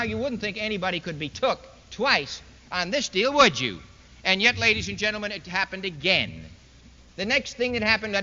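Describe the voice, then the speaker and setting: Male public speaker, mocking and emphatic, high bright voice; vintage lo-fi hall tape. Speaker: political speaker addressing a university audience. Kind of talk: public lecture speech. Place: large university hall. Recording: dull lo-fi 1960s archival recording in an echoey hall.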